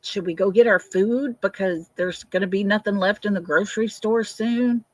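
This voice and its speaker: A woman's voice: medium pitch, moderate pace, a little mellow, no echo. An older woman hosting a casual livestream, chatting, answering viewer comments and laughing often. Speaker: livestream host.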